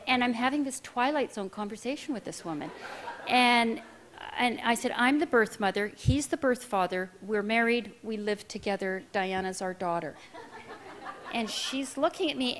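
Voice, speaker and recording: A woman's voice: on the high side, moderate pace, a bit bright, a little hiss or hum. A middle-aged woman giving a speech, telling a personal story to an audience in a candid, self-deprecating way. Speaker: keynote speaker.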